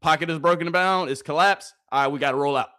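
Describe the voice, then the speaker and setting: Man, hyped live sports commentary, fairly high voice, laughs a lot. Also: quick pace, bright, forceful tone, clean tone. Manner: hyped, chatty, laughing, slangy. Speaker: sports video host. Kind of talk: casual live commentary over game clips.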